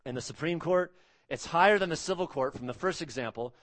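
A man preaching a sermon as pastor, speaking emphatically, rising on key words and dropping low and quiet on solemn points. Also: fairly quick, no room sound.

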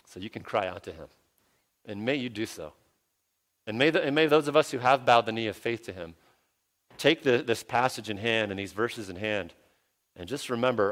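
A man's voice: on the low side, fairly bright tone. A man preaching a sermon as pastor and leading a prayer, earnest and emphatic, repeating words for stress.

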